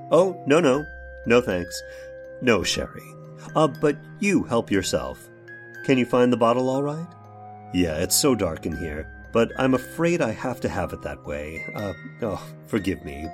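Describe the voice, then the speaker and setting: A man's voice: mid-range voice, close to an everyday voice. Guy doing a prim old-fashioned radio drama narrator, talks right to you, voice swoops up and down, faint music under it. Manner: prim, old-fashioned, addresses listener directly. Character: fussy genteel male workshop owner, narrator.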